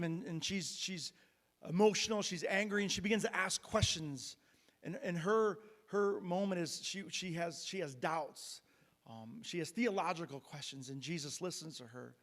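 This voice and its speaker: Man, pastor, sermon, somewhat high voice, conversational storytelling, frequent restarts and fillers, reverberant church hall. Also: normal speed, fairly bright tone. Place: church sanctuary.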